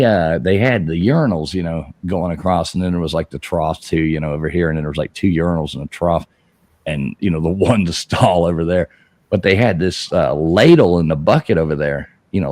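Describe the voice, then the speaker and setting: A middle-aged man telling a rambling, profane story on a live show, laughing as he goes and shouting out the lines he quotes. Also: low voice, fairly quick, no echo. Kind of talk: casual live-stream storytelling.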